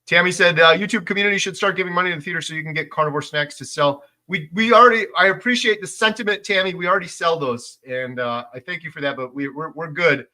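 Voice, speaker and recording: A man's voice: a little high, fast, few pauses. A middle-aged man hosting a casual livestream, reading out viewer comments and making his points with emphasis. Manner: emphatic, gets loud when making a point. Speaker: livestream host.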